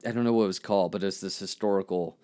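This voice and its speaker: A man telling a candid personal story as a podcast host, halting and reflective, often restarting his sentences. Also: low-pitched, fairly even intonation, dark tone. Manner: frank, self-critical.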